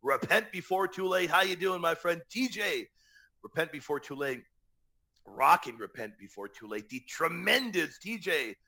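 A man hosting a live Catholic radio show, talking energetically and emphatically, with slangy shout-outs to listeners. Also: on the high side, lively intonation, moderate pace, vocal fry.

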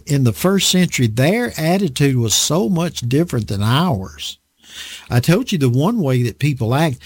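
Guy preaching a bible study, pitch swings all over, dry close sound. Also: a little mellow, no echo. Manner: conversational, self-deprecating, acts out quoted voices. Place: dry indoor room.

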